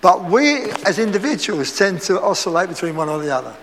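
A man with an Essex accent preaches a sermon in a high-pitched, slightly fast voice, laughing as he tells stories and acting out the lines he quotes. The recording is from an echoey hall with faint noise in the background.

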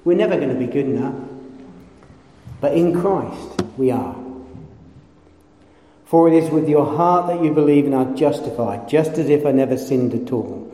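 A man's voice: mid-range voice, expressive, moderate pace, long pauses, dark tone. A man preaching a sermon, telling stories with playful asides and acted-out quotes. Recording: echoey hall with long reverb.

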